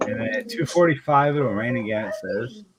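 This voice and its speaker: A man's voice: mid-range voice, sing-song, moderate pace, noisy background. A man hosting a casual live chat, laid-back and swearing freely.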